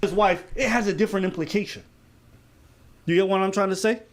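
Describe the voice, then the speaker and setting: A man's voice: high-pitched, a little fast. A man co-hosting a casual reaction chat, arguing his point and explaining it with examples. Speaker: co-host.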